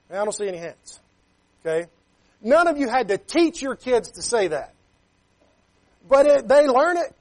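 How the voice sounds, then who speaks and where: A man's voice: very high-pitched, darkish tone. A man preaching a sermon as a pastor. He talks emphatically, keeps checking with "Okay?", and reads scripture in King James wording.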